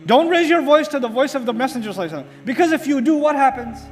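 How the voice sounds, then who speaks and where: A man giving an Islamic lecture, telling a story with dramatic pauses and asking the audience rhetorical questions that he then answers himself. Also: extremely high pitch, expressive. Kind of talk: religious lecture. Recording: hall reverb with faint music.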